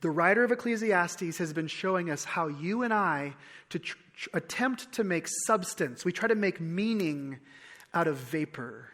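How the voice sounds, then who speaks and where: A man preaching a sermon as pastor, conversational with repeated phrases and restarts, dropping soft on key lines. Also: high-pitched, expressive, normal speed. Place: church sanctuary. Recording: long hall reverb.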